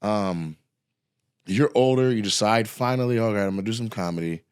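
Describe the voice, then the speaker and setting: A man's voice: fairly low pitch, fairly quick, smooth, dry recording, studio quality. A man hosting a casual podcast, telling stories with lots of acted-out voices of other people. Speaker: podcast host, comedian. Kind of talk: casual storytelling chat.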